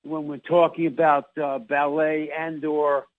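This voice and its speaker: New York male radio host, chatty and rambling, higher voice, narrow phone-band audio. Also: little pitch movement, a little slow, no echo. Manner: rambling, restarts phrases often. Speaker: radio show host, sports doctor. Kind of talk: casual radio interview chat.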